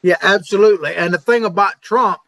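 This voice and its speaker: A man's voice: high-pitched, brisk, gravelly, sharp tone, dry recording. A man co-hosting a podcast, telling stories about politics in an emphatic, insistent way. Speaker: podcast co-host. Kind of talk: casual political chat.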